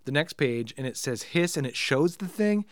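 A podcast co-host trades skeptical wisecracks in casual chat. His voice sits a bit high and swings widely, recorded dry and close. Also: expressive, moderate pace, no room sound.

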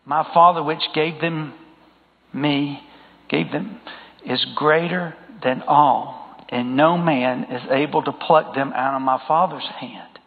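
Male preacher, slightly high gravelly voice, sermon to a congregation, thin phone-like sound in a reverberant church. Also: fairly even intonation, takes it slowly. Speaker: pastor. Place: church sanctuary. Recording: tinny phone-like sound with long hall reverb.

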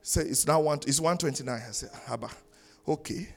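A man preaching a sermon, swinging between loud sung-out lines and quiet asides. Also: a little high, a little fast, gravelly. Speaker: pastor. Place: church in Canada.

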